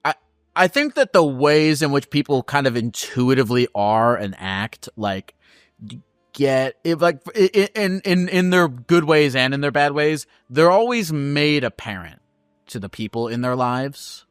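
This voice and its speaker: Halting, smooth-voiced man hosting advice. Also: medium pitch, animated, dry recording, studio quality, soft background music. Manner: halting, many restarts, casual swearing. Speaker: host of a call-in advice show. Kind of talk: casual advice chat.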